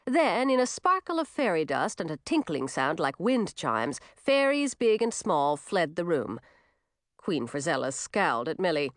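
A woman reads a fairy-tale story aloud with an expressive, animated delivery. Her pitch rises and falls widely, and the recording is close and dry with no room sound. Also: unhurried, no echo. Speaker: narrator. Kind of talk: scripted storybook narration.

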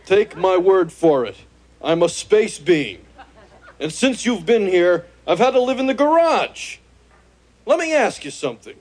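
A man voicing a cocky, cheeky male alien in a sitcom, with a nasal, gravelly voice and brash, joking comebacks. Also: high-pitched. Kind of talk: sitcom acting with laugh track.

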